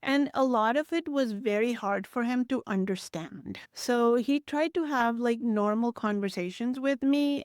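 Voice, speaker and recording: Candid woman with a smooth, resonant voice. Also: fairly high pitch, no echo, studio quality. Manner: candid, emotional, acts out past conversations. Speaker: health vlogger. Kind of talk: personal storytelling to camera.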